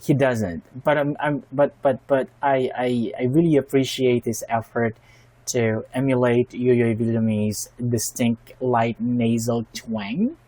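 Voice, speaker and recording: A man talks through his reaction in a casual, unscripted way, weighing his words with frequent ums and restarts. His voice sits at an ordinary pitch, and his admiration comes through plainly. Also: steady tone, takes it slowly, warm tone, no room sound, poor audio. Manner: thoughtful and admiring, with many fillers and restarts. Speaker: reaction video host. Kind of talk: casual spoken commentary.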